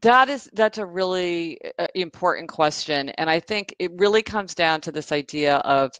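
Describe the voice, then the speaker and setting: A woman's voice: lowish voice, moderate pace, clear, resonant tone, no echo, poor audio. Chatty woman author on a dry video call. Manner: chatty, animated storytelling with many fillers. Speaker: author guest. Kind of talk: casual Q&A interview.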